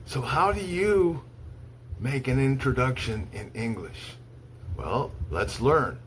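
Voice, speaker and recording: Male ESL teacher from the US, slow and low, careful deliberate delivery, faint hiss behind. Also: a bit bright. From United States. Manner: slow, deliberate, repeats words one by one for dictation. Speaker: English teacher. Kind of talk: slow, clearly spoken ESL lesson.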